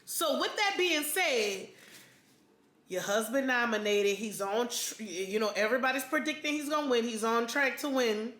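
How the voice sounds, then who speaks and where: American woman host, excitable storyteller, high voice, roomy echo. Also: moderate pace. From United States. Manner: animated, excitable storyteller with slangy speech. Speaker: mukbang vlog host. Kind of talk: casual chat.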